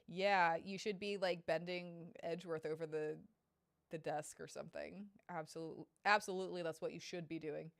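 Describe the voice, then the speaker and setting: A young woman streamer playing a game, excitable, swearing and laughing a lot as she talks to her chat. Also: medium pitch, fairly quick. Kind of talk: let's play commentary. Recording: game music behind.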